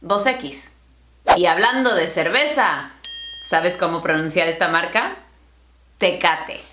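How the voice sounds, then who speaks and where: A young woman teaching pronunciation in a bilingual lesson, speaking with clear, deliberate enunciation. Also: lowish voice, roomy sound, noisy background. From Latin America. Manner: clear, deliberate enunciation, switching between English and Spanish. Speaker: language teacher.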